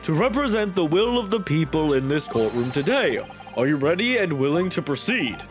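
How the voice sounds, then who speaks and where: Guy doing a stuffy formal judge voice, kinda animated. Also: fairly high pitch, normal speed, soft background music. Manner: formal, stately.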